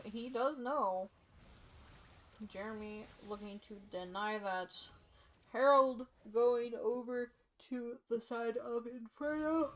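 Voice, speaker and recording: A young woman casting a live esports match in a relaxed play-by-play, tired and yawning. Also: fairly high pitch, takes it slowly. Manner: sleepy, yawning, casual play-by-play. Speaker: esports caster.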